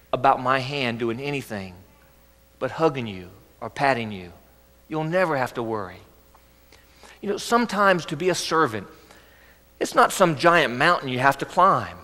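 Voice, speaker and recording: A man preaching a sermon as pastor, earnest and gently coaxing, often asking rhetorical questions. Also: fairly high pitch. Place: church sanctuary. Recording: echoey church hall.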